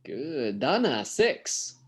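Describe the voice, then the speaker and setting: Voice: mid-range voice, big pitch swings, extremely slow. An English teacher running an online class over a video call, who draws out key words for emphasis and switches into Spanish to explain.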